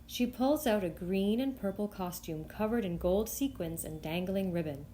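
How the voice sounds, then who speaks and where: A woman reading a picture book aloud for young children at storytime, voicing the young narrator with bright, lifted lines. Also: moderate pace, slight background noise. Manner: expressive, lifting high for the child's voice. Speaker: storytime reader.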